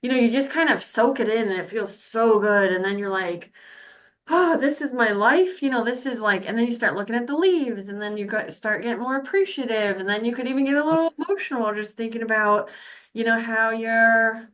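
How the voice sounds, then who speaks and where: A woman's voice: a little high, fairly quick, a bit bright. A woman co-hosting a podcast in casual chat, talking freely and laughing often. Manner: chatty, laughs often, trails off. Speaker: podcast co-host.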